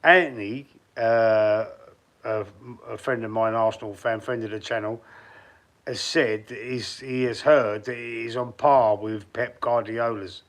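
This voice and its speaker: A man's voice: mid-range voice, fairly even intonation, unhurried. A Cockney man from the East End talks loosely to his viewers on a live stream and calls them by name. His talk rambles, with restarts and asides, and it stays casual from start to finish. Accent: East End London (Cockney). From London, East End. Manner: speaks straight to chat viewers by name. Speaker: football fan live streamer. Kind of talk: casual live stream chat, reading out comments.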